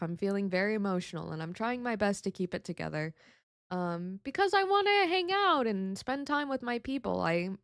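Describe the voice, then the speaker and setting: A woman's voice: mid-range voice, fairly bright tone, no echo. Vtuber girl streaming, bouncy swingy voice, swears a lot, kinda emotional and sarcastic, dry close sound. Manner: candid and emotional, swears freely, sarcastic self-mockery; reads and answers viewer chat. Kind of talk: casual live-stream chat.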